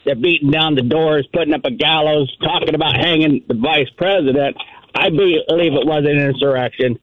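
A man's voice: on the high side, a little fast, dry recording. A male caller arguing heatedly with a radio host over a tinny phone line. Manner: heated, argumentative. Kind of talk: call-in argument.

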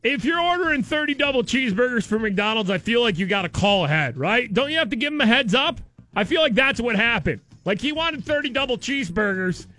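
A man's voice: very high voice, big pitch swings, fairly quick, pushed and bright, soft background music. A man hosting a morning radio show, chatting loosely and jokingly with his co-host. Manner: loose, rambling, jokey. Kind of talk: casual radio banter.

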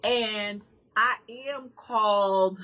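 A woman's voice: mid-range voice, fairly even intonation, drawn-out words, fairly bright tone, poor audio. A woman guest on an interview podcast, speaking candidly and emphatically about her life, with frequent laughter. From northern United States. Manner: emphatic, outspoken, laughs often.

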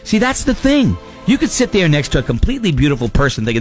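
A man hosts a morning radio call-in show with a gravelly, lively voice that swings up and down. He chats and teases callers, laughing often, with soft music playing underneath. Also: on the high side, quick pace, few pauses. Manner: chatty, teasing, laughs often. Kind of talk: casual radio banter taking calls.

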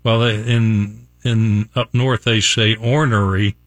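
Folksy older radio host, dry studio sound. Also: male voice, fairly low pitch, level tone, slow pace, no echo. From West Virginia. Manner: folksy, chuckling, reads out examples. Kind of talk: casual morning radio chat. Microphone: studio microphone.

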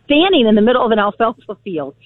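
A woman's voice: fairly high pitch, sing-song, quick pace, no echo. A woman with a Minnesota accent, a radio farm show host calling in from a farm show, cheerful and upbeat, laughing easily. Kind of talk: casual radio chat over the phone. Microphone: phone line. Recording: tinny dry phone line.

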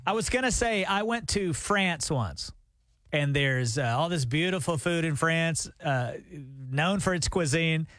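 A man co-hosting morning radio, playful and mock-serious as he pitches ideas, speaking into a studio microphone. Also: lively intonation, measured pace, fairly bright tone, no echo. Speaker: radio show co-host.

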